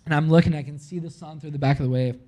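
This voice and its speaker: A man from Florida, a guest on a live podcast, telling a long story in an animated way, peppered with "like" and acting out what people said. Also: fairly high pitch, very fast. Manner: animated, heavy use of "like", acts out his own quotes.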